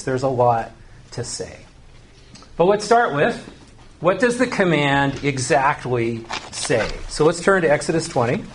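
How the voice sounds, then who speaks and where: A man preaching a sermon, earnest and teaching, slowing down to stress key phrases. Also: mid-range voice, slight background noise. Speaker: pastor.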